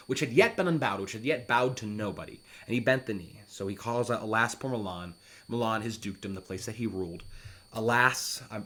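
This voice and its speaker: A man's voice: fairly low pitch, fairly bright tone. A man, a former English teacher, reading Shakespeare's lines with dramatic emphasis and then explaining them in plain words.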